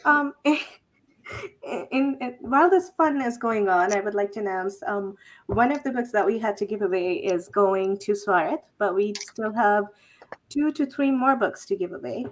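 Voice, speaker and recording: A woman's voice: medium pitch, normal speed. A woman in her thirties hosting a casual live-stream chat, laughing often and stumbling over her words. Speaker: host.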